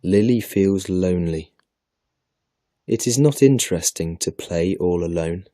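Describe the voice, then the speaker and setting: A man reading a children's story aloud slowly and carefully for an English lesson. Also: deep voice, no room sound, clean studio sound. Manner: slow, careful, even reading.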